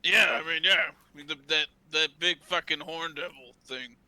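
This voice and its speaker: A man's voice: fairly high pitch, moderate pace, bright, forceful tone, poor audio. A man narrating and voicing characters as game master of a tabletop game, rambling with lots of filler words.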